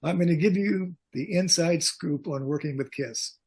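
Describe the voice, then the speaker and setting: An older man, a concert pyrotechnics veteran, telling lively backstage stories as a podcast guest and acting out the lines he quotes. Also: on the high side, moderate pace, breathy edge. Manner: animated anecdotes, acts out quoted lines. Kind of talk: storytelling in a podcast interview.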